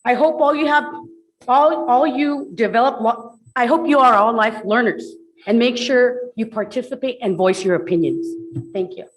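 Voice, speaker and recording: A woman's voice: a little high, slight background noise, rough recording. Earnest woman speaking at a podium. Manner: earnest, emphatic, slows to stress key words. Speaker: public commenter. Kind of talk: public comment at a school board meeting. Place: school board meeting room at a podium.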